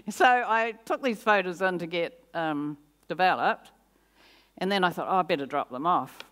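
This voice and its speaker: An older woman giving a personal testimony as guest speaker in a church service, telling her story in a lively way, acting out her own reactions and laughing often. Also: fairly low pitch, unhurried, pauses often.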